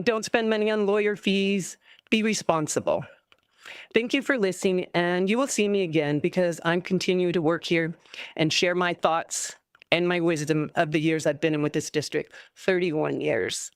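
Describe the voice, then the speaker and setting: A woman in her fifties, a longtime special education teacher, speaking with frustration and halting "um"s during public comment at a school board meeting. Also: lowish voice, no echo, clean studio sound. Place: public meeting room at a podium.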